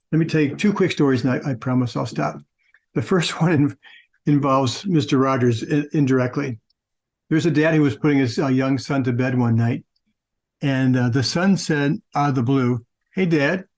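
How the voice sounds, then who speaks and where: A man's voice: mid-range voice, moderate pace, darkish tone. A man hosting a talk show, telling and reading stories aloud in a conversational manner with frequent restarts. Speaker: podcast host. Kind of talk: casual storytelling, reading aloud.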